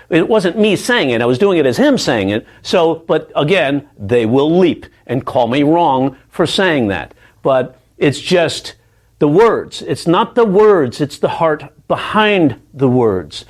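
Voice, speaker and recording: A man's voice: on the high side, animated, measured pace. A male comedian talking casually and explaining his view in a reflective way. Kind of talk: casual talk.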